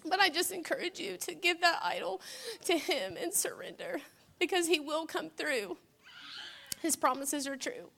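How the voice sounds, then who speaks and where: Woman giving an emotional church testimony; high, gravelly voice, tearful. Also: animated, measured pace, long pauses, a bit bright, slight background noise. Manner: tearful, laughing through tears.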